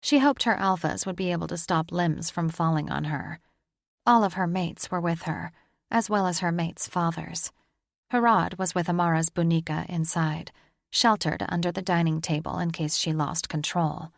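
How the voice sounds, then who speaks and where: Low, gravelly woman narrating. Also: moderate pace, dry recording, studio quality. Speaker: audiobook narrator. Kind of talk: scripted narration.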